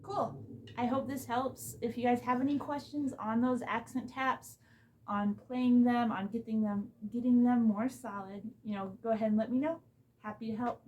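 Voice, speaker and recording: A young woman with a fairly high voice gives a casual drum lesson and explains each step in a relaxed, easygoing way. She is recorded in a room with her kit on a low-quality camera mic. A faint hiss sits under her voice. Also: normal speed. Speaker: drum teacher. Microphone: phone or camera mic.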